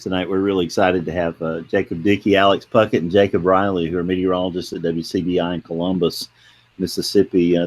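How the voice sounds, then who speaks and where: A man's voice: low-pitched, dry recording. A man with a Southern US accent, co-hosting a casual chat, laid-back and full of "uh" fillers. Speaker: co-host.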